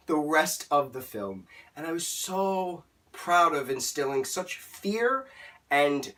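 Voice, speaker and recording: A man's voice: mid-range voice, fairly bright tone, distant mic. A young man telling an exasperated story as a movie reviewer in a ranting vlog.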